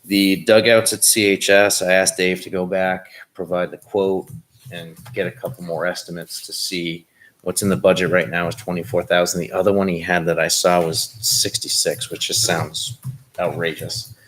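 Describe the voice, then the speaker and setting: A low-pitched man speaks in a flat, even tone as he reports budget items at a public meeting. He talks in a plain, businesslike way, with frequent ums and uhs. A faint hiss sits under the meeting-room mic. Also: moderate pace, poor audio. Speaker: school district official.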